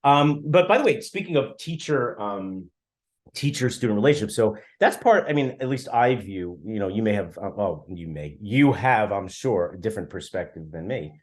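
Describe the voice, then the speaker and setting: A man's voice: lowish voice, animated, moderate pace. Blunt, teasing male podcast co-host. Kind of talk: casual podcast chat.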